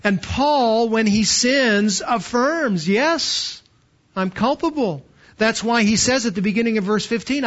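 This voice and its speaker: Emphatic high-voiced male preacher, lo-fi. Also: unhurried, a bit bright. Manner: emphatic, repeats words when stressing a point. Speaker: pastor. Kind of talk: sermon. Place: church. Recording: dull lo-fi sermon recording.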